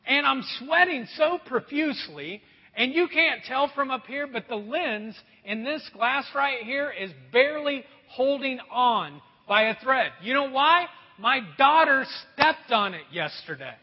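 A middle-aged male pastor with a high, slightly husky voice tells a self-deprecating story from the pulpit. His sermon rings with a long hall reverb, and the recording sounds dull and muffled. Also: expressive, unhurried.

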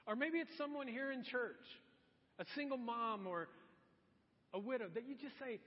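A man's voice: extremely high pitch, moderate pace, pauses often. A man preaching a sermon as pastor, telling stories in an earnest, conversational way. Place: church sanctuary. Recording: dull sound in a large reverberant hall.

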